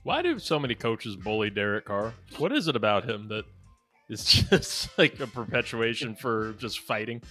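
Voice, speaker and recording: A man's voice: fairly low pitch, sing-song, normal speed, bright, forceful tone, faint music behind. A young man hosting a casual sports podcast, joking and keeping the countdown moving. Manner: joking, upbeat, runs the countdown. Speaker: podcast host.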